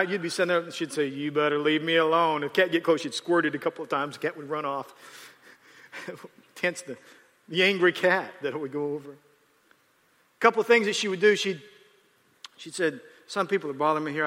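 An older man spins a folksy story with a chuckle in his voice. His voice sits a little high and rings bright. It trails off into a long, echoing hall reverb. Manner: folksy, chuckling anecdote teller. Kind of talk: casual storytelling.

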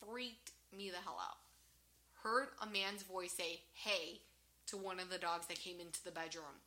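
Animated, swearing woman telling a story. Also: fairly low pitch, measured pace. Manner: animated, swears freely, laughs often. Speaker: podcast co-host. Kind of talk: casual storytelling chat.

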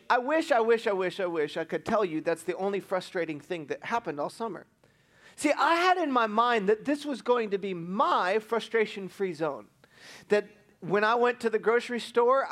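A middle-aged man preaching, telling a personal story with animated, self-mocking humor. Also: high voice. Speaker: pastor.

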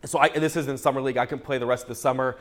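A male pastor preaching a sermon through a humorous, animated personal story, often restarting his words. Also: mid-range voice, racing.

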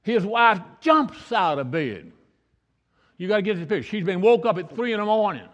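A male pastor with a notably high voice tells homespun stories from the pulpit, circling back and repeating his points. His voice echoes through a large hall with a long reverb. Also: very animated, moderate pace, a bit bright, highs cut off. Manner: homespun, repeats himself for emphasis. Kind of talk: folksy storytelling sermon.

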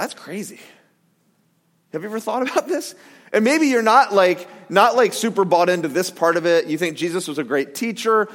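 A man preaching a sermon in a casual, animated way, with jokey asides. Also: high-pitched, big-room sound. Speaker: pastor.

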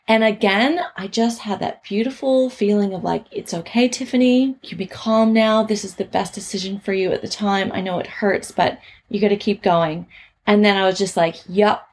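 A woman's voice: medium pitch, a little mellow. A young woman from Canada hosting a podcast, telling personal stories in an earnest, chatty way with lots of "like" and "um". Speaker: podcast host. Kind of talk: personal storytelling chat.

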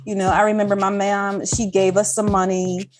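A woman telling a childhood story in casual chat as a podcast co-host, acting out quotes in a high voice. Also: level tone, normal speed, darkish tone.

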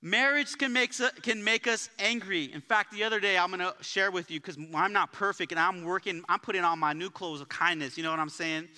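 A man with a high, very bright voice preaches a sermon in an energetic, conversational way, mixing jokes and personal stories. His voice rings out through a large church sanctuary, and the room's long reverb trails after every phrase. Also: a little fast, hardly any pauses. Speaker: pastor.

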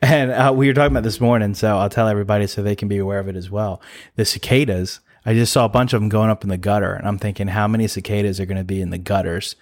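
A man with a fairly low voice co-hosts a relaxed faith chat. He rambles in an easygoing way, restarting his thoughts and laughing often. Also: racing. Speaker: podcast co-host. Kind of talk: casual faith conversation.

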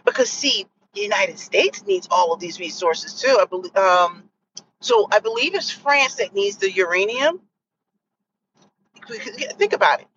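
A woman hosts a casual livestream in a bright, forceful voice, rambling from point to point and catching her own slips as she goes. Her pitch jumps up high whenever she gets worked up. The audio is a little dull and muffled, with a faint hiss behind it. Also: a little slow. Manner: animated, rambling, corrects herself mid-thought. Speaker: host.

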